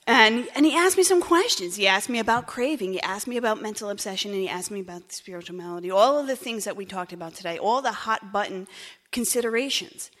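A woman with a New Jersey accent candidly telling her recovery story, wry, moving between hushed and animated. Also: on the high side, brisk. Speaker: speaker sharing her story. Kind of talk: personal recovery talk. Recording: echoey hall.

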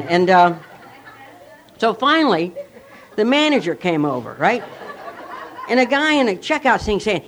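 A man's voice: high voice, sing-song, a little slow, long pauses, fairly bright tone. A man sharing a personal recovery story with a candid, self-mocking manner. He rambles, using many fillers and restarts.

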